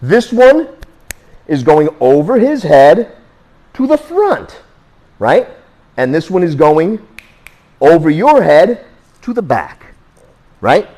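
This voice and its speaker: A man's voice: a little high, very animated, slow pace, long pauses, warm tone. A man teaching a self-defense class, blunt and joking, who swears casually and makes sound effects while he demonstrates moves. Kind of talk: hands-on class instruction.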